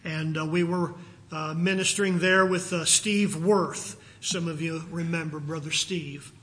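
Bright, high-voiced American preacher. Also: male voice, fairly even intonation, unhurried. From United States. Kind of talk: sermon.

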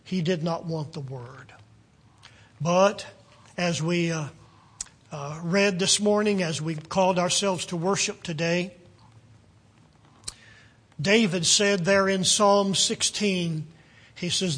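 Reading scripture aloud in a sermon, this preacher goes slowly and deliberately, his voice swelling loudly on the key phrases. He is high-pitched and slightly rough, holding a steady tone.

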